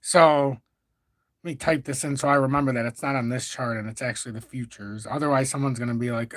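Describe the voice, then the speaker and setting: A man's voice: mid-range voice, quick pace, fairly bright tone, no room sound. A man hosting a casual crypto livestream, talking through charts in a rambling, profane, self-correcting way.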